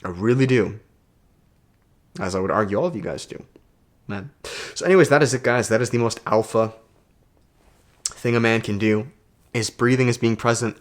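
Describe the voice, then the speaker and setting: A man's voice: mid-range voice, normal speed, pauses often. A man who coaches self-development, talking straight to his camera in a casual motivational vlog, emphatic and preachy and swearing freely.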